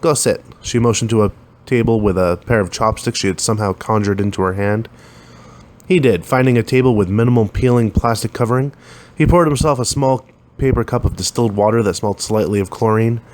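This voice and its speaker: A man's voice: lowish voice, brisk, darkish tone. A man reading a science fiction story aloud, lifting his voice a little for the dialogue. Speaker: narrator.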